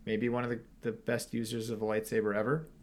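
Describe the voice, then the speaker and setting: A man in a casual podcast discussion, talking in an animated, loose way and swearing freely. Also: mid-range voice, quick pace.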